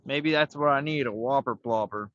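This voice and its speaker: Easygoing fishing-stream host, man, bright forward voice, outdoors on a phone mic, slightly dull sound. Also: medium pitch, normal speed, no room sound. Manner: laid-back, talks to himself while fishing. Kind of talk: casual rambling live chat.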